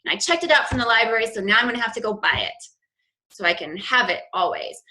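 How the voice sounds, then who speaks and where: Chatty bright-voiced woman coach. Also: fairly high pitch, animated, fast talker, rough recording. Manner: chatty, with many fillers and restarts. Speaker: fitness business coach. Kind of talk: informal training talk to her team.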